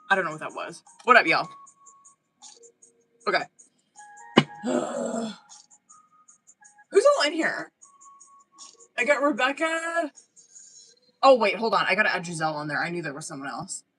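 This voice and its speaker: A tarot reader chats casually on a livestream in a bright, sharp voice at a middling pitch. The talk is slangy and loose, full of swearing and constant breaks to say "hold on.". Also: measured pace, long pauses, slightly rough, faint music behind, low-quality recording. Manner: profane, slangy, chatty, often breaks off with "hold on".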